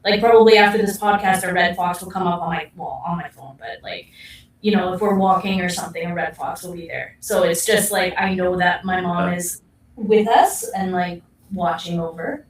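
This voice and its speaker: A woman's voice: fairly low pitch, normal speed. A woman from Canada, a guest paranormal investigator, telling personal stories in an earnest, open way. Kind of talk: casual interview chat. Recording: echoey room, far from mic.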